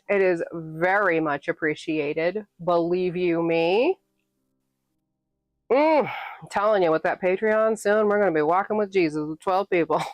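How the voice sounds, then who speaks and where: A woman from New England hosts a live stream and banters with her viewers between readings. She is sassy and quick to laugh, and her voice sits at an ordinary middle pitch. The sound is dry and close, with faint music playing underneath. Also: dry recording. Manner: playful and sassy, laughing often. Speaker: livestreamer and author reading her novel.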